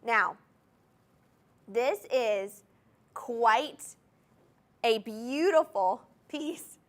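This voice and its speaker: A slightly high, animated female voice stretches out its words while hosting a live jewelry segment on a TV shopping channel in the studio. She's effusive and enthusiastic, speaking to viewers directly and repeating item numbers and key phrases.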